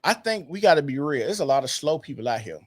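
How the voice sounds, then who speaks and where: A man hosting a casual podcast, blunt and joking, throwing questions to his cohost and pitching to viewers. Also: big pitch swings, fast talker, no room sound. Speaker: podcast host.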